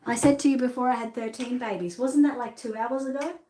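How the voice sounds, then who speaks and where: A woman's voice: fairly high pitch, steady tone, a little fast, warm tone, slight background noise. A middle-aged Australian woman presenting dolls for sale in a bubbly, chatty way, often laughing at herself. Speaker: doll seller and presenter. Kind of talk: chatty live sales showcase. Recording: roomy echo.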